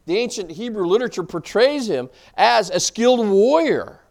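A man preaching a conversational Bible-teaching sermon, posing rhetorical questions and answering them himself, with many casual asides. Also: sits high. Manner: loose, chatty delivery with many "you know" asides.

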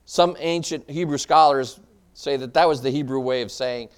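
A man's voice: mid-range voice, normal speed, clean tone. A man preaching a conversational Bible-teaching sermon, posing rhetorical questions and answering them himself, with many casual asides. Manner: loose, chatty delivery with many "you know" asides.

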